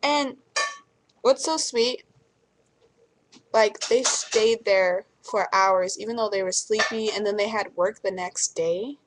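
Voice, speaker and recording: A woman's voice: medium pitch, takes it slowly, noisy background. Chatty young woman telling a story. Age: 20s. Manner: rambling, full of "like" and restarts; chatty, acts out what others said. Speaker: vlogger. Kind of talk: casual storytelling to camera.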